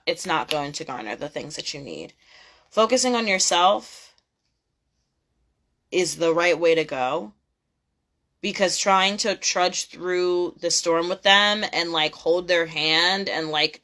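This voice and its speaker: A woman's voice: lowish voice, a bit bright. A young woman giving a casual tarot reading, blunt and profane, repeating her points emphatically. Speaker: tarot reader.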